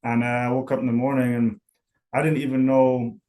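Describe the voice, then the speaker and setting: A man's voice: mid-range voice, flat delivery, fairly quick, mellow. A young man with a Scottish accent, a football punter talking casually as a guest in an interview and rambling through many fillers and restarts.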